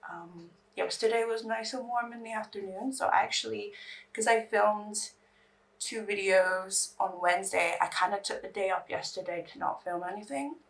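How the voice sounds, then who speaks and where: A woman's voice: medium pitch, normal speed, gravelly, distant mic. A woman beauty vlogger in casual get-ready-with-me chat, rambling and anxious as she talks.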